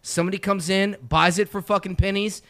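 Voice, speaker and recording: A man's voice: high-pitched, fairly even intonation, fairly quick, bright, forceful tone. A man ranting angrily in a casual podcast chat, swearing constantly. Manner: profane angry ranting.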